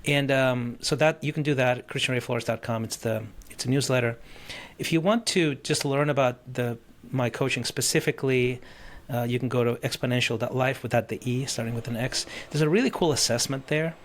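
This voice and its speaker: Eager male podcast guest, mid-pitch. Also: brisk, a little hiss or hum. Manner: eager, peppered with "like" fillers. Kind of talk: casual interview chat.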